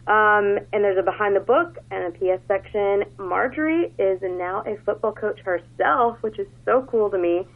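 A woman's voice: mid-range voice, moderate pace, few pauses. A woman chatting casually and enthusiastically about books on a radio segment, with lots of fillers. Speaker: book recommender on a radio segment. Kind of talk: casual book talk. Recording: phone-like radio audio.

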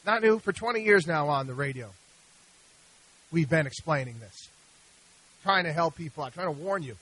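A man's voice: a little high, animated, normal speed, a bit bright, rough recording. A middle-aged man hosting a radio talk show, talking animatedly and with exasperation, often repeating himself and restarting sentences. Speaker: radio show host, investment advisor.

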